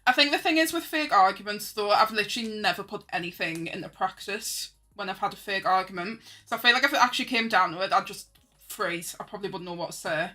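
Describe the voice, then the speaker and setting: A young woman talks casually on stream as she draws, bright and forthcoming. She is self-mocking and quick to laugh, answering her chat. Faint music plays underneath. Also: mid-range voice.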